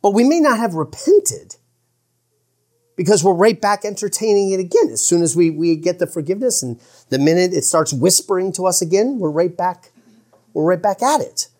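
Pastor, male, slightly high-pitched, preaching earnestly with slow emphatic lines and stammered restarts. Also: expressive, darkish tone. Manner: shifts from slow emphatic phrases to quick asides. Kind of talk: sermon.

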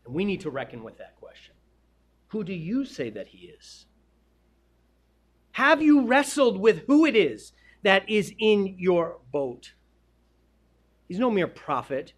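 A man preaching a sermon, swinging between loud emphatic peaks and hushed, quiet drops. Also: sits high, sing-song, unhurried, pauses often, slightly rough.

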